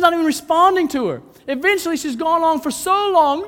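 A man's voice: very high-pitched, a little fast, few pauses. Dramatic preacher man in a reverberant hall. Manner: dramatic, acts out pleading voices, swings from hushed to loud. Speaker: pastor. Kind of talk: sermon.

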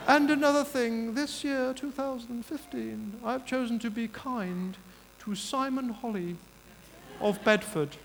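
A man voicing a stately elderly queen making a royal announcement, in a high, plummy, regal manner. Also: measured pace, creaky, a little hiss or hum, full character voice. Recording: reverberant hall, faint ambience.

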